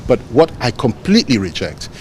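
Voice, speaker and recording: A man with a Nigerian accent, a politician answering reporters' questions outdoors in a measured, emphatic way, repeating phrases for stress. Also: medium pitch, huge pitch swings, a little hiss or hum. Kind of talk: press interview answers.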